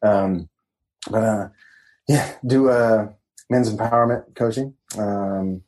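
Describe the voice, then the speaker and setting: A man guesting on a casual podcast, talking as a coach in a meandering, halting way. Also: fairly low pitch, fairly even intonation, darkish tone, rough recording. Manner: meandering, halting, laid-back. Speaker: guest, men's empowerment coach.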